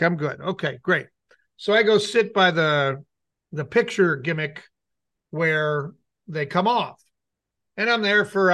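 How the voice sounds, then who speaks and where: A man's voice: high voice, fairly bright tone. A middle-aged man co-hosting a talk show, telling a rambling personal story and acting out what people said. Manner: rambling anecdote with acted-out quotes. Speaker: radio show co-host. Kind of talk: casual storytelling chat.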